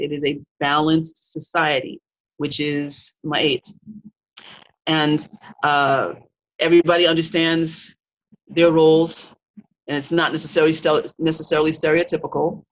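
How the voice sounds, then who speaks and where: A Kemetic faith teacher giving a live-streamed talk, earnest and digressive, often pausing to search for words. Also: medium pitch, little pitch movement. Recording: dull lo-fi stream audio.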